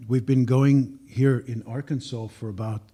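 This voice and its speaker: A man talks as a panel guest in an easy conversational way. His voice is husky and dark, with a mellow, unhurried delivery. He pauses now and then to clear his throat. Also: mid-range voice, steady tone. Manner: measured, clears throat often. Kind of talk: casual panel discussion.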